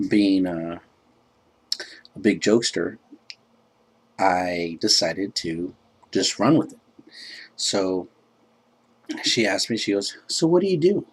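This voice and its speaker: Man, low voice, husky, laid-back, rambling casual anecdote. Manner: rambling, laid-back, full of "you know". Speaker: self-described jokester. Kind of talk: casual storytelling.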